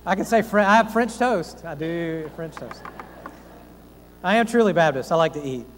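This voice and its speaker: A man's voice: on the high side, lively intonation, moderate pace, big-room sound, a little hiss or hum, rough recording. A man pastor preaching a sermon, earnest and folksy, asking rhetorical questions and making self-deprecating asides.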